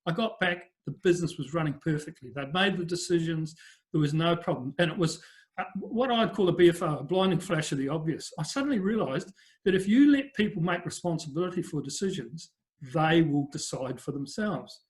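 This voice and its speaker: An older man, speaking as a business coach in a relaxed interview. His voice sits a bit higher than most men's, and he tells stories in a chatty, rambling way full of fillers. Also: fairly quick. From New Zealand. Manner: chatty anecdotal storyteller, frequent fillers. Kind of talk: conversational interview storytelling.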